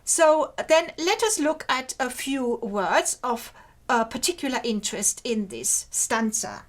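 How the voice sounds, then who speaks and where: A woman with a voice on the high side gives an academic lecture over slides, very animated. She works through each point step by step in a measured way, pointing to parts of the slide as she goes.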